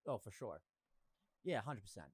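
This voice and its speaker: A man's voice: lowish voice, big pitch swings, normal speed, darkish tone, slightly rough, dry recording. A man who is a podcast guest in casual chat, reasoning aloud and ending points with questions.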